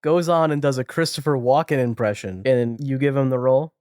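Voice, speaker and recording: A man's voice: mid-range voice, a little fast, a little mellow, dry recording, studio quality. A man co-hosting a casual podcast, jokey and opinionated in his banter. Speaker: podcast co-host.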